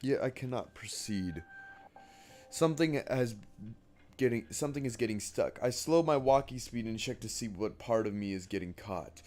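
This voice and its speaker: A man streaming a game, reading its text aloud and thinking aloud in a halting, casual way. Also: mid-range voice, expressive, a little mellow.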